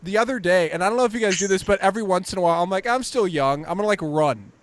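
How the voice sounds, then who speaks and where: A young man with a high voice tells crude, animated stories on a comedy podcast. He swears freely and acts out scenes with sound effects. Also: racing. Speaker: podcast host. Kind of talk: casual comedic storytelling.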